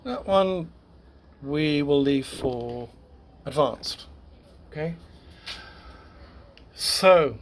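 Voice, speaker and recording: Male language teacher, unhurried classroom delivery, stumbles and restarts, voice a bit higher than most men. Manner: halting, repeats words and self-corrects. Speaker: Spanish grammar teacher. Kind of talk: classroom grammar lesson.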